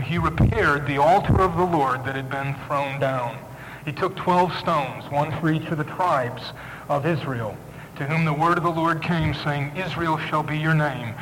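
A man's voice: a little high, big-room sound, slight background noise, poor audio. A male preacher giving a sermon and retelling a story with dramatic emphasis.

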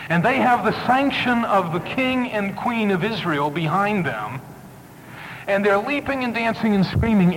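Male preacher, fairly high voice, dramatic sermon storytelling, echoey hall. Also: slight background noise. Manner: dramatic storytelling, varied emphasis.

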